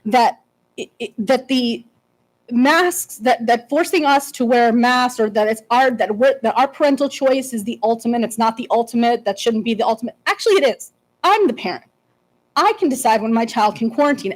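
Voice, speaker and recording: A woman speaking as a parent in public comment at a board meeting, emotional and indignant, with halting restarts and no written speech. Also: a little high, rough recording.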